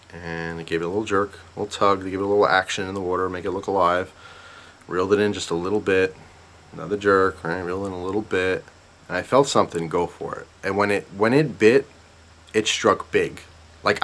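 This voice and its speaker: In a low voice, a male vlogger tells a story casually, rambling and animated. He keeps breaking off for asides to his viewers.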